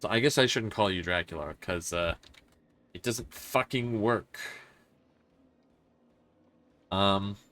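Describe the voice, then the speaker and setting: In a lowish, somewhat bright voice and at a measured pace, a man gives casual commentary while streaming a horror game. He's frank and swears a lot, mulling over a baffling match and blaming himself.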